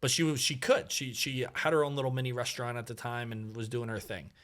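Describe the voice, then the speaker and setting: Animated storytelling man, podcast guest. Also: medium pitch, fast. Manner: animated, acts out quoted dialogue, many fillers. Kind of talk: casual storytelling conversation.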